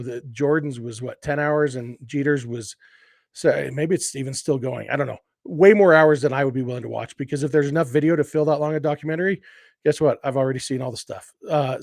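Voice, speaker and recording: A man's voice: mid-range voice, dry recording, studio quality. A man hosting a casual solo sports podcast, talking enthusiastically in a rambling way with restarts and asides. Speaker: podcast host.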